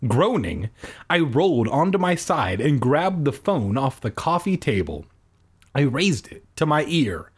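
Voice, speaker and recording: A man's voice: fairly high pitch, sing-song, a little slow, husky. A man reading a children's horror book aloud for comedy, breaking off for sarcastic and profane asides. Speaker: reader.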